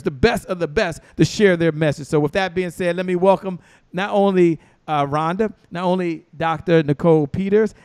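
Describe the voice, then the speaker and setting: A man hosting an online motivational show, telling stories with lively acted-out voices. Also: sits high, no room sound. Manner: preacher-like storytelling with acted-out voices. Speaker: show host.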